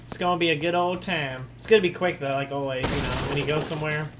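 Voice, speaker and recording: A young man livestreaming a game, chatting with viewers and then yelling and cursing at enemies as they attack. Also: a little high, fairly even intonation, fast talker, background noise. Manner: swears and yells at game enemies, chats with viewers. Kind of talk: live gameplay commentary. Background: loud game music.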